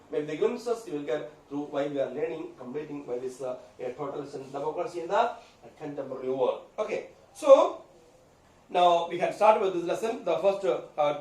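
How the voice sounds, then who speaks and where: A male teacher giving a school lecture, halting with many fillers and repeated okays. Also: a little high, a little mellow, a little hiss or hum. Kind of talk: classroom lecture. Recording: echoey room, mic far off.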